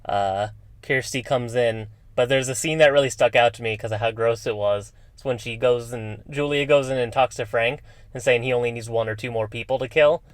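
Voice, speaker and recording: A young man co-hosts a laid-back podcast and laughs often as he talks about a horror film. His voice has an everyday middle pitch. The sound is dry, with no room echo. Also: brisk. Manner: relaxed, laughs often while talking, grossed-out reactions. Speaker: podcast co-host. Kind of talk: casual horror movie chat.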